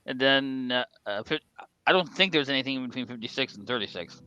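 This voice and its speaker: A man's voice: mid-range voice, fairly quick, bright, forceful tone, clear, resonant tone, dull audio, soft background music. A man in his forties co-hosting a casual live stream, chatting loosely, swearing freely and laughing often. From Australia. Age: 40s. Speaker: co-host of a whisky live stream. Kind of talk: casual chat.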